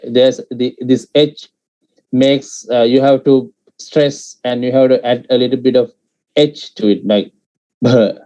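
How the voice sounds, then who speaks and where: A man teaching Pali in an online class, patiently explaining pronunciation and sounding out syllables with many pauses and fillers. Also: mid-range voice, mellow, highs cut off.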